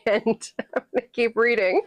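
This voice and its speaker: A woman's voice: fairly high pitch, very animated, a little slow, no room sound, dull audio, faint music behind. A woman from New England chatting casually with her live-stream viewers, playful and sassy and laughing often. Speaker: livestreamer and author reading her novel.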